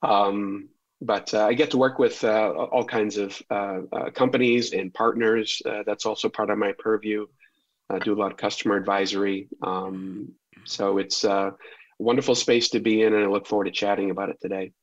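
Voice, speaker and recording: Hesitant low-voiced man from Canada. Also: steady tone, normal speed, no echo, lo-fi sound. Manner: hesitant, many fillers. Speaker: guest. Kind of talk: casual interview talk.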